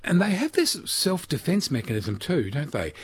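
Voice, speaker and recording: A male interviewer with a husky voice that moves a lot in pitch. He asks curious, chatty questions and often stumbles over repeated words as he works his way to the point. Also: sing-song, moderate pace. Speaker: interviewer host.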